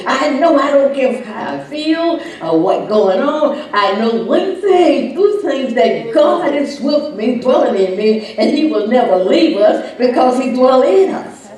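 A woman preacher delivers a sermon at a slow, deliberate pace, leaning hard on each phrase and swelling to loud, fervent peaks. Her voice rings through a very echoey room and is picked up from a distance. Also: on the high side. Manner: emphatic, swelling to loud climaxes.

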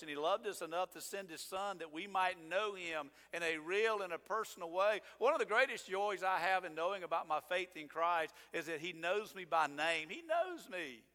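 A man's voice: high voice, pushed and bright. A male pastor preaching a sermon in a conversational, emphatic way, breaking into sarcastic asides. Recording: long reverb of a church hall.

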